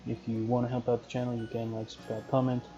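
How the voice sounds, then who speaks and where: Mellow man narrating gameplay. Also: medium pitch, completely flat delivery, quick pace. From Canada. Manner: reads on-screen game text aloud and comments on it. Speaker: gaming channel host. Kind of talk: casual let's-play commentary. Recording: dull lo-fi recording with faint game music.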